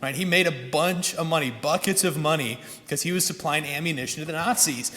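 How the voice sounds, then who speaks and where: Male pastor, fairly high voice, casual storytelling sermon, long church reverb. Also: a little fast, bright, forceful tone. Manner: conversational storytelling, frequent restarts.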